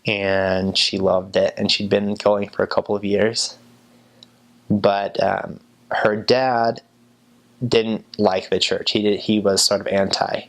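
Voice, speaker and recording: Young guy from the us, low gravelly voice, kinda flat, chill rambling stories. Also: takes it slowly. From United States. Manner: relaxed, rambling with restarts. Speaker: returned missionary. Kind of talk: casual storytelling.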